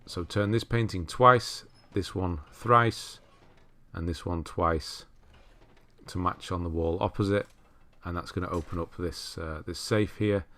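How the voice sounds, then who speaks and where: A man giving relaxed, chatty commentary over a game walkthrough, laughing at himself and correcting his own words. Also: low-pitched, unhurried. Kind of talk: casual gameplay commentary.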